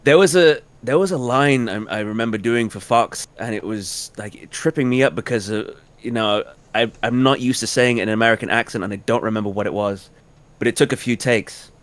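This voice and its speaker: A man with a British accent chatting casually as a voice actor on a livestream, playful and halting. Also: medium pitch. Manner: playful, trails off and restarts.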